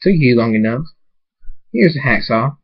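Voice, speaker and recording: A sadistic male pony villain who taunts in a cold, level tone, as a man puts him on. He speaks slowly, without much rise or fall. The sound is dull and lo-fi. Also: medium pitch, husky. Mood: taunting. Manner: flat, taunting, unhurried.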